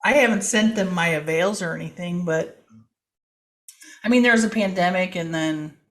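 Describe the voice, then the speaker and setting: A woman's voice: on the low side, normal speed. A woman comedian guesting on a podcast, chatting casually with self-deprecating, anxious, dry humor. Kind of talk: casual chat.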